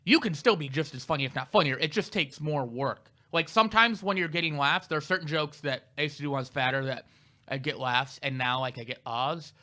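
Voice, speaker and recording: A man's voice: fairly high pitch, fairly quick, sharp tone. A male comedian co-hosting a podcast, telling candid, self-deprecating stories in casual chat. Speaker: comedian co-host.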